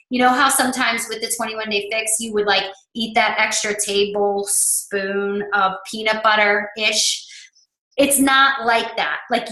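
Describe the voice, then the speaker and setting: A bright, forceful woman in her thirties coaches other coaches in a chatty, emphatic way, and her talk is full of "like". Her voice sits a little high, and it rings in an echoey room. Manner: chatty and emphatic, heavy use of "like". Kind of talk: coaching presentation.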